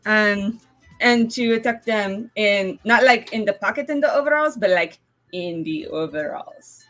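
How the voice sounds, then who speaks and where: Slow-talking woman tabletop player. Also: medium pitch, a bit bright, soft background music. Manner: unhurried, laughing, thinking aloud. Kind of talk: casual tabletop play.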